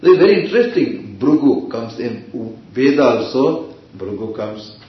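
A man's voice: mid-range voice, sing-song, moderate pace. A man giving a scripture discourse, telling stories and asking his listeners questions. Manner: storytelling, with Sanskrit terms and asides to listeners. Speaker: spiritual teacher. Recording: very echoey dull hall recording.

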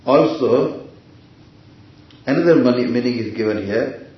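A spiritual teacher gives a scripture discourse, telling stories, asking his listeners questions, and dropping in Sanskrit terms and asides to them. He speaks a little slowly in a medium-pitched voice with lively intonation. The recording is very echoey, captured in a dull-sounding hall.

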